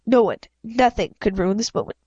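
A woman reads a children's novel aloud in first person, stumbling now and then and backing up to fix her words. Her voice sits at a middle pitch, recorded dry and close with a slightly dull, muffled sound. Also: warm tone, breathy edge, no room sound. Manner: halting, frequent self-corrections. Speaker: reader.

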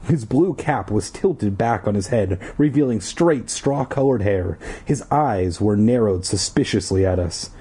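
A man's voice: lowish voice, lively intonation, measured pace, hardly any pauses, mellow, breathy edge. A man from Southern California casually reading a children's horror book aloud, with dry joking asides. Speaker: story reader.

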